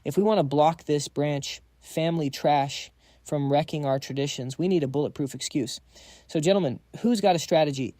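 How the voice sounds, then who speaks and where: A man voicing a scheming old head elder, smooth and sarcastic. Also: on the high side, moderate pace, mellow, dry recording, studio quality, natural voice. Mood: sly.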